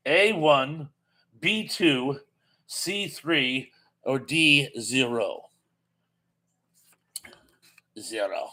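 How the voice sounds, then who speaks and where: A man's voice: fairly high pitch, extremely slow, pushed and bright. Chatty man hosting a live trivia stream. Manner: chatty, reads viewer comments aloud, laughs at himself. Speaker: live show host running a TV trivia quiz. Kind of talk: casual live-stream chat.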